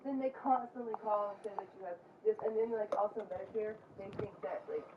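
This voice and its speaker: A woman's voice: mid-range voice, brisk. Rambling woman in her thirties, far off. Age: 30s. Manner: rambling explanations full of fillers. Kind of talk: casual chat. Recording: distant, roomy, dull and noisy.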